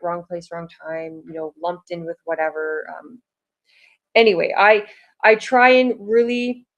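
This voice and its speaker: A woman talking casually to her viewers, chatty and rambling, with lots of "like" fillers. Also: mid-range voice. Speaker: vlogger. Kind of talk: casual chat to camera.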